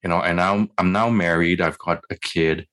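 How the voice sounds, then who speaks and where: Man, 40s, physician guest on a podcast, very low voice, candid, self-deprecating storytelling. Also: steady tone, normal speed, a bit bright. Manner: candid, self-deprecating, acts out quoted dialogue. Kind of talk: casual storytelling interview.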